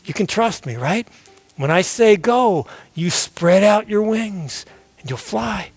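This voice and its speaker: A man's voice: high voice, animated, takes it slowly, no room sound, full character voice. A man voicing a patient mother eagle who coaxes and reassures her chick. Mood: reassuring. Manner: coaxing, reassuring.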